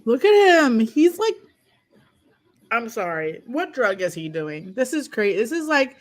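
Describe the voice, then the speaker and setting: A woman's voice: a little high, very animated, unhurried. A woman co-hosting a casual online talk show, mocking a streamer with crude, sarcastic remarks and frequent laughter. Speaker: podcast co-host. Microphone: personal mic at home.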